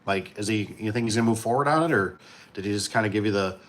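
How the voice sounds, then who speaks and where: A man from Michigan hosting a casual livestream, talking in a relaxed, rambling way and chuckling often. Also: fairly low pitch, quick pace. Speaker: livestream host.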